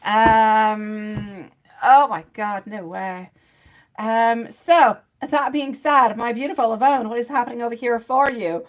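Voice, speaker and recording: A woman's voice: fairly high pitch, slow pace. A woman reading tarot live for her viewers, rambling and chatty, laughing often and calling people by pet names like sweetie and my love. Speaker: tarot reader.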